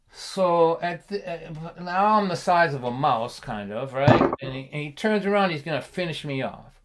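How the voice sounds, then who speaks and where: A man telling a comic family story on a livestream, chatty and animated, laughing often and checking in with the listener. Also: on the high side, moderate pace, hardly any pauses, heavy background noise.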